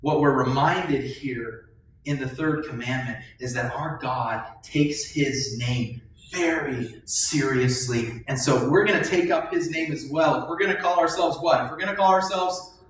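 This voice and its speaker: Pastor, male, slightly high voice, preaching with call-and-response questions. Heard from a distance in a very echoey church. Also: unhurried, a little hiss or hum. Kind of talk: sermon. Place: church sanctuary during a service.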